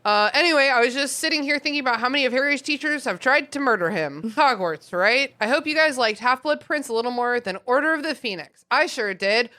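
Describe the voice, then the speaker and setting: Bright-voiced giggly woman podcaster. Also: sits high, brisk, few pauses. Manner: giggly, animated, reads letters aloud. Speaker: podcast co-host reading listener mail. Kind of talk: casual chat.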